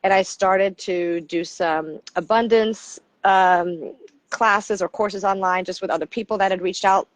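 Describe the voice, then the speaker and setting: Lively storytelling woman in her fifties. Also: mid-range voice, measured pace, no echo, poor audio. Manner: lively storyteller who acts out quoted dialogue. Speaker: podcast guest, coach. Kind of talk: conversational interview storytelling.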